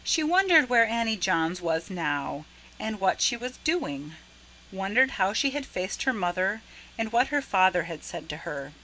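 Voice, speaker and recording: A woman reading a novel chapter aloud in a measured, expressive narration. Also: medium pitch, a little hiss or hum, rough recording. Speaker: audiobook narrator. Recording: narration with music underneath. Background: music.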